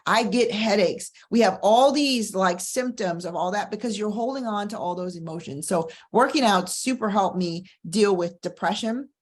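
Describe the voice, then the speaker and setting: A middle-aged woman who hosts a show as a divorce coach, talking in a candid, energetic casual way and repeating phrases for emphasis. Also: mid-range voice, normal speed, hardly any pauses. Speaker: divorce coach and podcast host. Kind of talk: casual motivational talk.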